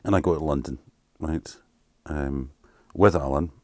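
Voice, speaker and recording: Very deep-voiced Scottish man, candid storyteller. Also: measured pace, no echo, studio quality. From Scotland. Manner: candid, animated anecdotes with acted-out quotes and swearing. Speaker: interviewee, keyboard player. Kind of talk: casual storytelling interview.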